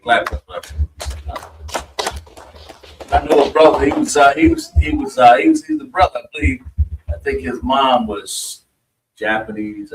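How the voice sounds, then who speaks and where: A man's voice: mid-range voice, vocal fry, reverberant, slight background noise. A man at a religious meeting who tells a rambling story and often affirms the speaker. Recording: mic far off.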